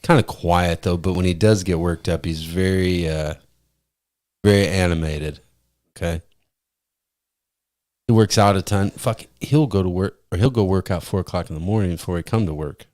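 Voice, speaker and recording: A man's voice: normal speed, pauses often, darkish tone, no echo, studio quality. A man co-hosting a podcast, telling profane stories in casual chat. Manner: profane, storytelling, mimics friend in high voice. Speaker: podcast co-host.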